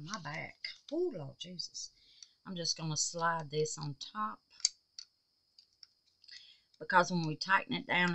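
Background noise surrounds a woman with a low voice, a resin craft vlogger chatting casually as she builds a resin clock at home. She's folksy but tired, huffing, with plenty of exclamations and laughter.

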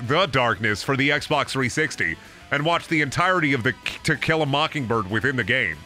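Young male streamer, lively swinging pitch, bright tone; brash game commentary, lots of swearing. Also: fairly quick, faint music behind. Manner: loud, swearing, jumps into silly voices. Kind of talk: casual gameplay commentary.

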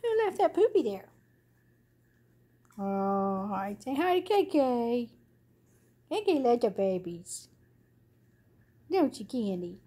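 A woman's voice: fairly high pitch, very animated, takes it slowly, pauses often, warm tone. A woman cooing at her puppies in doting, sing-song baby talk. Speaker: dog owner filming her puppies.

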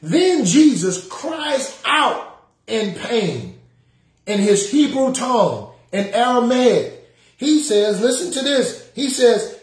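A man's voice: very high-pitched, lively intonation, slow, reverberant. A man preaching a sermon as pastor, repeating his key lines and calling out to the congregation to respond. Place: church sanctuary.

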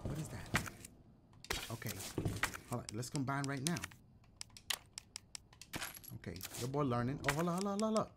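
A man giving excitable, profane let's-play commentary, talking back to game characters and yelping when scared. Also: medium pitch, moderate pace, pauses often, heavy background noise. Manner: panicky yelps and shouts when scared. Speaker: gaming video host. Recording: loud game audio and clicks behind voice.

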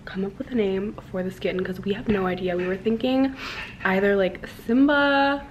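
A woman's voice: medium pitch, moderate pace, slight background noise. Chatty young woman vlogging at home. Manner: chatty and gushing, many fillers. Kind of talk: casual vlog talk to camera. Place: home indoors.

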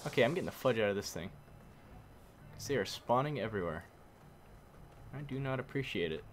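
A man commentating his own game casually, muttering and then shouting in frustration, using mild minced swears. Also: mid-range voice, expressive, brisk, pauses often, a little hiss or hum. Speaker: gameplay commentator.

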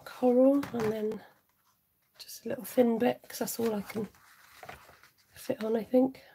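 Steady and warm, this woman's slightly high voice moves at a measured pace, with slight background noise present. As host of a live card-making stream, she chats casually, reads viewer comments and often murmurs asides.

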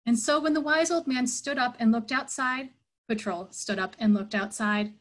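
A woman's voice: fairly high pitch, normal speed, a bit bright, rough recording. A woman giving a reflective sermon at an online church service, earnest and thoughtful, telling a story.

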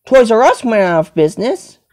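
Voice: mid-range voice, big pitch swings, fairly quick, darkish tone. A person rambling to themselves on a home video, repeating and listing things over and over. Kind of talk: rambling self-talk monologue.

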